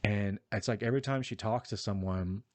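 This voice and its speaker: A man's voice: fairly low pitch, brisk, dry recording. A man giving a casual, rambling and profane spoken review of a video game. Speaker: gaming vlogger.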